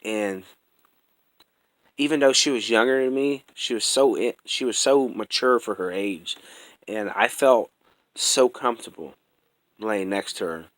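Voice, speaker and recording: A man's voice: lowish voice, measured pace, pauses often, a bit bright, dry recording, low-quality recording. A young man telling his own life story in casual chat, rambling and profane with many restarts, earnest and close to emotion.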